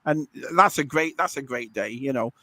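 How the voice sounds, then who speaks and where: A man from northern England with a Lancashire accent, telling lively stories in casual chat on a video call stream. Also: mid-range voice, normal speed, a crowd in the background. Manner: lively storytelling with laughs. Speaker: stream host.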